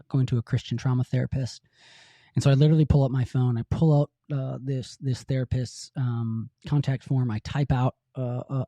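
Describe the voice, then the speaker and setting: Middle-aged man, confessional podcast story, earnest and halting, mellow voice, dry close mic. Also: mid-range voice, no room sound, highs cut off. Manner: earnest, halting, with frequent restarts. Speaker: podcast host.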